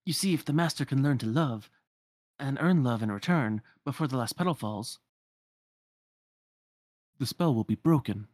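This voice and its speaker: A courtly enchanted candlestick servant, voiced by a man speaks in a measured, solemn way without any accent. His voice sits only a little above the performer's own, recorded dry. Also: mid-range voice, expressive, a little mellow, no echo, voice pushed up, close to an everyday voice.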